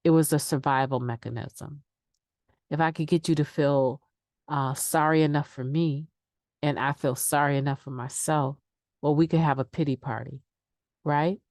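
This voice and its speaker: A middle-aged woman with a low voice shares frankly about recovery, speaking conversationally as she leads a daily meditation. The sound is dry and close, with no room echo. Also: a little mellow. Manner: candid, conversational, acts out quoted excuses. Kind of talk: daily meditation reading and sharing.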